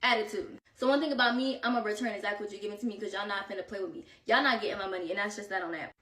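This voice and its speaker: A young woman vlogger telling a casual storytime, animated and slangy, acting out text messages as she goes. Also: mid-range voice, racing, recorded from a distance. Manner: animated, slangy, quoting texts in voices. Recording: roomy, from off the mic.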